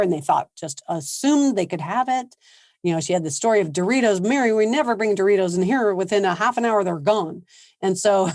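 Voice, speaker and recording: Animated woman parenting coach, dry mic. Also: lowish voice, no room sound. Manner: animated, laughs often, acts out quoted lines. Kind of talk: seminar talk.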